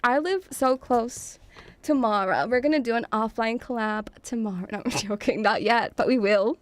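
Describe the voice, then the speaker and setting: A woman's voice: a little high, normal speed. A young woman from Eastern Europe streaming in a bubbly, teasing manner, giggling often and calling her viewers darling. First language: an Eastern European language. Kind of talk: casual live-stream chat.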